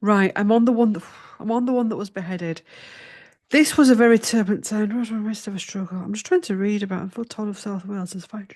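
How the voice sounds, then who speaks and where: A woman's voice: mid-range voice, fast, a little mellow. A woman hosting a tarot channel, flustered and swearing as she talks through her research in casual chat. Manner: flustered, muttering and swearing to herself.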